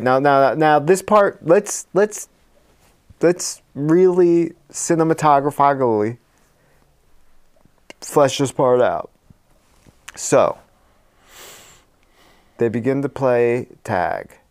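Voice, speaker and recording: A man's voice: medium pitch, takes it slowly, long pauses, a little mellow. A man co-hosting a podcast, animatedly improvising a horror story with hammy flair. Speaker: podcast co-host.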